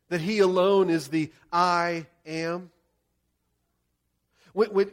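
Man, pastor, sermon, high voice, animated delivery. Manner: animated, acts out scenes with shouted quotes.

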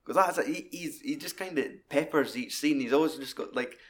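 A man's voice: fairly high pitch, fairly quick, a bit bright. A man, co-hosting a casual film discussion, rambling and swearing a lot. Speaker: podcast co-host.

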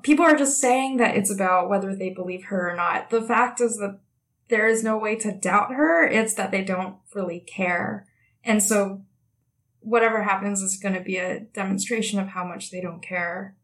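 A woman in casual political chat, speaking calmly and firmly. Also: mid-range voice, normal speed.

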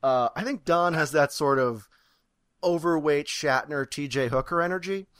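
A man playing a tabletop game, relaxed and joking, recorded remotely. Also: fairly high pitch, moderate pace, clean tone, dry recording, studio quality. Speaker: player. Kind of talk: casual tabletop play.

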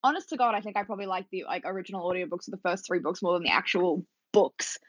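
Podcast co-host, woman, chatty and quick, swears freely, dry close-miked sound. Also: on the low side, slightly rough, no echo. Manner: fast, animated, swears, lots of "like". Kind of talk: casual book chat.

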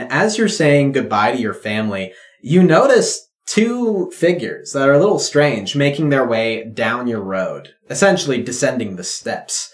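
A man narrating slowly and dramatically as game master of a tabletop game. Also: medium pitch, sing-song. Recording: roomy echo.

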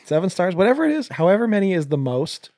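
Bantering male co-host, lively voice. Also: sits high, fast talker, no echo. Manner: joking, bantering. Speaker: podcast co-host. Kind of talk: casual chat.

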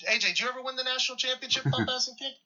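A man in his thirties from Pittsburgh, telling a story in casual podcast chat, animated and profane, getting loud at the punchlines. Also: extremely high pitch, very fast, highs cut off. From Pittsburgh, USA.

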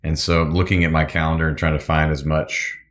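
A man with an extremely deep voice tells long, easygoing stories as a guest in an interview. He rambles a little, full of fillers and restarts. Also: level tone, fast, a bit bright. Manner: rambling, filler-heavy anecdotes. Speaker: guest, musician and pilot. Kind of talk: casual interview storytelling.

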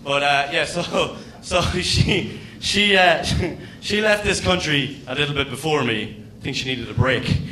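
A young Irish man doing a stand-up comedy set, telling stories in a profane, animated way with loud acted-out outbursts. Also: on the high side, unhurried, hardly any pauses, slight background noise. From Ireland.

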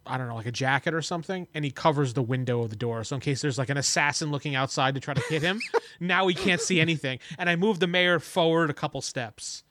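A man's voice: a little high, quick pace, a bit bright. A man playing a tabletop role-playing game, playful and laughing often as he speaks in character. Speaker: player. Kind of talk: casual role-play.

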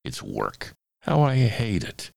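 A man's voice: low voice, huge pitch swings, a little slow, vocal fry, a little mellow, no echo, full character voice. A man voicing a lazy female bird who whines and coaxes in a sing-song way. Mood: whiny.

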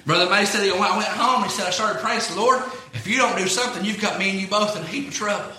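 A man's voice: sits high, quick pace, bright, forceful tone, roomy sound, a little hiss or hum. A man preaching a sermon, retelling a story in a folksy way with repeated "he said".

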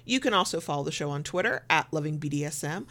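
A woman's voice: sits low, lively intonation, fast talker, fairly bright tone. A woman with a Southern American accent co-hosting a podcast in casual chat, rambling through asides and laughing often. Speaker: podcast co-host. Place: home recording room.

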